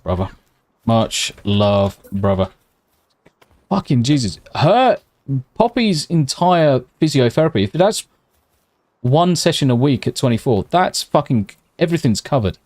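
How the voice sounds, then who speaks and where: An excitable British man chatting live with his viewers, cursing at every turn while keeping his voice a bit hushed. His voice sits at an ordinary middle pitch and sounds close and dry, with no room around it. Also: a little slow, no room sound. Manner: excitable, swears constantly; talking slightly quietly. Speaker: live streamer. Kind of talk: casual live-stream chat with viewers. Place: at home at night.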